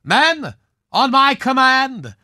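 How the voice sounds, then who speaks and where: Actor playing a haughty aging matinee swordsman, high voice, slow, bright and grand. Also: very animated, no echo, clean studio sound, exaggerated voice. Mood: theatrical menace. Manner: grand, theatrical, drawn-out delivery. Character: pompous aging knighted male film swashbuckler. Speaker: guest. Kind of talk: radio comedy character bit.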